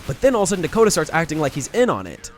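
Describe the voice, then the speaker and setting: A young man in a storytime vlog, retelling a prank in a rambling, animated way with many restarts. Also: a little high, rapid-fire, soft background music. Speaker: vlogger.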